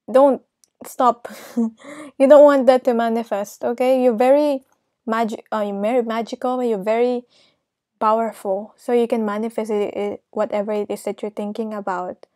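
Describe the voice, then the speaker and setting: A woman gives a casual tarot reading in a slightly high, mellow voice. She takes her time, laughs often and checks in with the listener. The sound is dry and close. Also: dry recording. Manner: emotional, laughs often, talks to viewer directly; reassuring, repeats "okay?". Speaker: tarot reader.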